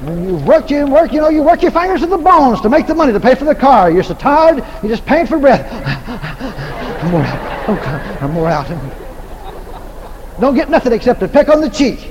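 A man's voice: very high voice, big pitch swings, fairly quick. Brief: folksy, humorous male preacher, repetitive delivery, faint background noise. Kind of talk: sermon. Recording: echoey hall, faint noise.

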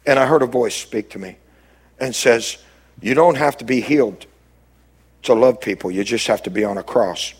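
A man preaching a sermon as pastor, swinging between loud rises and quiet low drops and calling out to the congregation. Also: animated, moderate pace, husky. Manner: preaching with sudden rises and drops, calls to the crowd.

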